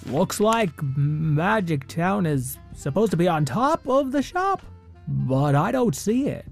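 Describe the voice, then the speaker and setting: A man's voice: fairly high pitch, sing-song, slow, creaky, soft background music, exaggerated voice. A man voicing a fretful, wry young male shopkeeper in a storybook. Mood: uneasy.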